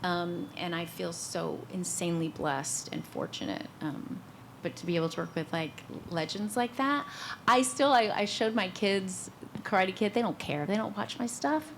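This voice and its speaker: A woman's voice: lowish voice, a little slow, slight background noise. Chatty, enthusiastic middle-aged woman. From Georgia, US. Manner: chatty, enthusiastic, self-deprecating. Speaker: guest actor on a convention panel. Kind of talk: casual panel chat.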